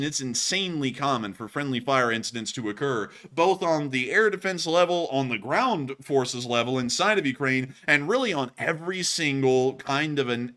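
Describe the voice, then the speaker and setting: A man co-hosting a casual news commentary show, talking in an animated, jokey way. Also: mid-range voice. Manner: animated, jokey, acts out scenes in silly voices. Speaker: co-host of war news show.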